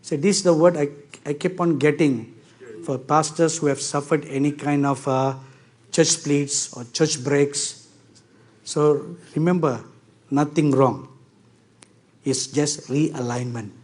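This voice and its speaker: A man's voice: fairly high pitch, steady tone, takes it slowly, pauses often, a little mellow. A man preaching a sermon to a congregation, stressing his points by repeating key words and asking the audience for agreement.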